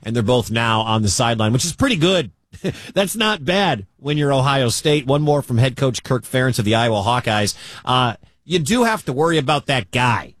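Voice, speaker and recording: This is a studio-clean, dry recording of a man hosting sports talk radio. His medium-pitched, expressive voice has a fairly bright tone and a Midwestern American accent, and he keeps things chatty with quick asides.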